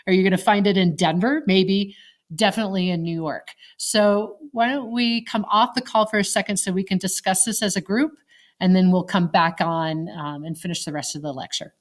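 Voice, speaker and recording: A woman's voice: mid-range voice, fairly even intonation, moderate pace. Woman teacher, recorded online lecture, conversational, quizzes the class. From Colorado, United States. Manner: conversational, asks the class questions.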